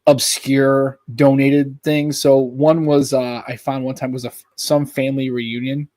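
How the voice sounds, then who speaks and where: A man's voice: mid-range voice, level tone, unhurried, darkish tone, no room sound. A man from the United States co-hosting a live podcast, chatting casually and rambling through stories. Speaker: podcast co-host. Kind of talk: casual chat.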